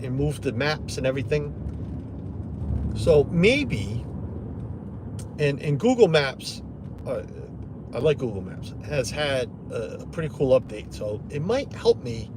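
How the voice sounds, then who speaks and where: Chatty middle-aged man, lively voice. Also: fairly high pitch, unhurried, background noise. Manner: rambling, chatty, greets viewers. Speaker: live stream host. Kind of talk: casual live chat. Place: inside a parked truck.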